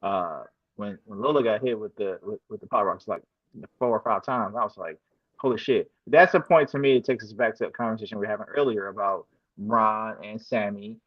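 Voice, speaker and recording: A man's voice: fairly low pitch, brisk, no echo, muffled recording. A man co-hosting a podcast, chatting casually and agreeably with some offhand swearing. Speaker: podcast co-host. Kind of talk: casual chat.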